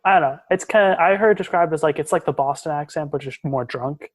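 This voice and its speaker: A man's voice: on the high side, fast. A young man from Maine co-hosting a college radio podcast, rambling casually with lots of restarts and hedges. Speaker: podcast co-host. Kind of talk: casual chat.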